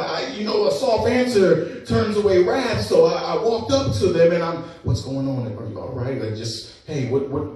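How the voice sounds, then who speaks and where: A middle-aged man preaching a sermon as a pastor, telling a personal story in a lively, conversational way and laughing as he goes. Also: sits high. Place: church sanctuary. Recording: echoey church sanctuary from a distance.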